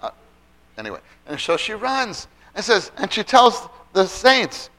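A man teaches from the Bible in a relaxed, conversational way, asking his listeners questions and acting out the characters' lines as he retells the stories. His voice is bright, and his pitch swings widely as he goes. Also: normal speed. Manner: conversational, asks the audience questions.

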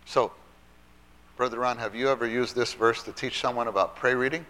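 A man giving an animated Bible teaching talk to church children's workers, stressing and repeating key phrases. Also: medium pitch, a little fast.

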